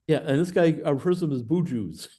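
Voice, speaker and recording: A man with an American accent speaks as a podcast guest, warm and mellow in tone. He talks at an easy, thoughtful pace, pausing on filler sounds as he works through a story. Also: fairly high pitch, lively intonation, breathy edge. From United States. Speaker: guest, professor of Buddhist studies. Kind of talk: conversational storytelling.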